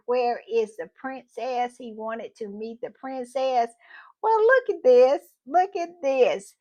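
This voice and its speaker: A woman hosting a casual commentary vlog, chatty and gushing, talking straight to her viewers. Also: fairly high pitch. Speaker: channel host.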